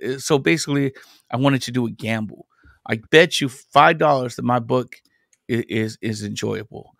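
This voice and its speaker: Man, middle pitch, gravelly, dry close mic; casual podcast guest who rambles through stories. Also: normal speed, a bit bright, dry recording. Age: adult parent. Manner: rambling storyteller, loose and conversational. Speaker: podcast guest, independent comic creator. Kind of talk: casual chat.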